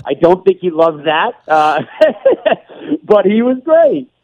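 A man's voice: sits high, sing-song, takes it slowly. A man, a guest broadcaster, chatting on a radio show in a rambling way with restarts and laughs. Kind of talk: radio interview chat. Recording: dull remote line.

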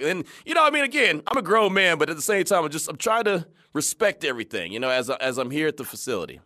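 Male radio host, conversational storyteller, lively pitch, quotes people in their voices. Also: fast talker, few pauses. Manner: animated, laughing, retells scenes in quoted voices. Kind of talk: casual radio talk and storytelling.

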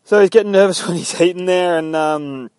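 A man's voice: sits high, a little fast, darkish tone, smooth, dry recording. A young man casually retelling a game's story in a rambling, profane way, slipping into quoted voices. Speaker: gamer recapping a story.

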